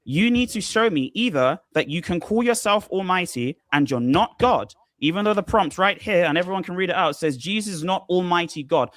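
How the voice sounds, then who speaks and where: Male debater, high lively voice, dry sound, laughs and cuts in. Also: fairly quick, hardly any pauses, no echo. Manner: laughing, talks over others. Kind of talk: heated online debate.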